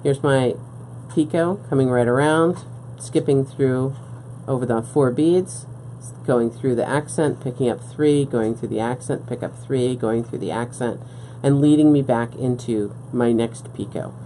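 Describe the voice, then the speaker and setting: A woman with a strikingly low, mellow voice leads a live beading demonstration. She explains each step patiently and often pauses to ask whether it makes sense. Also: slight background noise. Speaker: beading instructor. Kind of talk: live-stream craft demonstration. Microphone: live-stream setup at a work table.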